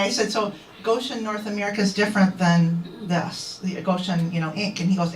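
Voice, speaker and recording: A woman's voice: medium pitch, fairly quick, hardly any pauses, a little hiss or hum. A woman activist telling a crowd an indignant story and acting out what others said. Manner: indignant, quoting others in animated voices. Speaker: activist speaker. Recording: echoey, distant mic.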